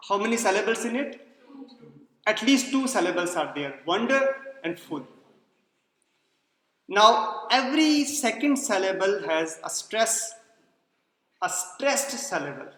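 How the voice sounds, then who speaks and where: A man's voice: high voice, fairly bright tone. A man giving a lecture, explaining step by step and posing questions to the class before answering them himself. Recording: echoey roomy hall sound.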